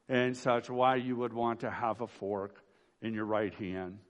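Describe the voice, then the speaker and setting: A male pastor preaches at a memorial service in a church, mixing scripture with homely stories. His voice sits at an ordinary middle pitch, and he talks in a loose, folksy way, repeating words and checking in with "right?". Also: steady tone, a little slow. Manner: folksy storytelling with frequent restarts and "right?". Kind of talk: funeral sermon.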